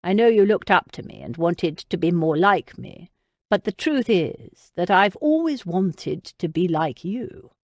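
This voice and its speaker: A man's voice: high voice, animated, unhurried, no echo. A woman voicing an earnest nobleman who reads out a heartfelt letter to his younger brother, in an audiobook.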